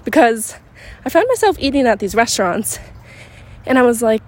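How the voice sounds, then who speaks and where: A young woman hosting a podcast, chatting excitedly while out on a walk, a little out of breath. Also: on the high side, normal speed, long pauses. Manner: bubbly, rambling, excitable. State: slightly out of breath. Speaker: podcast host. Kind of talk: casual chat. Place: outdoors on a walk in a neighborhood, windy.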